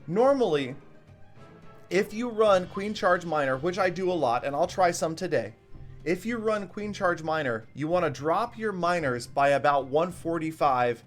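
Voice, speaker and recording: A man giving excitable live commentary on strategy game battles and chatting with viewers by name. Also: fairly high pitch, moderate pace, faint music behind. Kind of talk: live gameplay commentary, reading chat.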